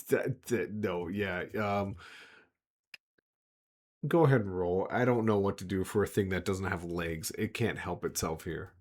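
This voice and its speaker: A man's voice: low-pitched, measured pace, a little mellow. A man narrating as game master of a tabletop game, with rambling, hesitant descriptions full of fillers.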